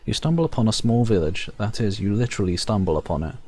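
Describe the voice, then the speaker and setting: A man's voice: fairly low pitch, sing-song, fast, warm tone, breathy edge. A man playing a fantasy game, reading its narration aloud with wry asides. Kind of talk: let's-play commentary reading game text.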